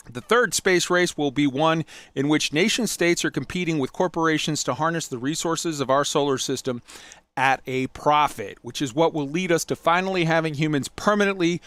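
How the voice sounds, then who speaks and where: A man with a fairly high voice hosts a podcast panel, reading his prepared views in an earnest, speechlike way. The sound is close and dry, with no room around it. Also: fairly bright tone, dry recording. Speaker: podcast host. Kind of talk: reading a prepared opinion piece, then moderating a panel.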